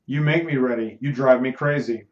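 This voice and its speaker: A big, timid young man who pleads shyly, as a male reader voices him. The voice is mid-pitched and sounds roomy and muffled on a lo-fi recording. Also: normal speed, darkish tone, natural voice. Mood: pleading. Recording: echoey room, dull lo-fi.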